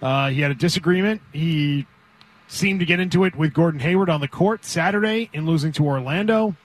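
A man hosting sports talk radio, energetic and opinionated, leading the conversation. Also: fairly high pitch, a little fast. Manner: energetic, opinionated, leads the segment.

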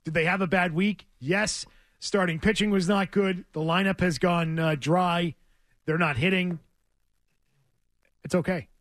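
A man with a high voice hosts a sports talk radio show, pressing his argument with emphatic, needling repetition. The sound is dry and close, with no room around it. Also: fairly even intonation, unhurried, long pauses, fairly bright tone, dry recording.

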